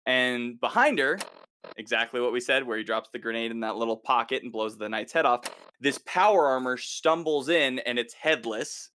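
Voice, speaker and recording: Male co-host, bright forceful voice, lively play-by-play recap, drops into quick impressions. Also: medium pitch, clear, resonant tone. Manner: animated retelling, acts out the characters' lines. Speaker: podcast co-host. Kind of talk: casual recap chat.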